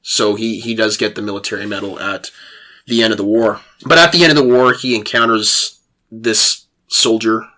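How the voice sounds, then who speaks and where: A male podcast host telling a war story in casual chat, animated and laughing, with frequent restarts. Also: fairly low pitch, normal speed.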